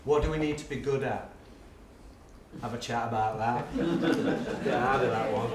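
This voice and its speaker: A man's voice: mid-range voice, a little slow, slight background noise. A middle-aged man telling classroom stories to an audience, laughing often and acting out his pupils. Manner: animated storyteller, laughs often, acts out voices of pupils. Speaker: education speaker and guest. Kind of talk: lively anecdotal talk to an audience. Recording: roomy and distant with faint ambience.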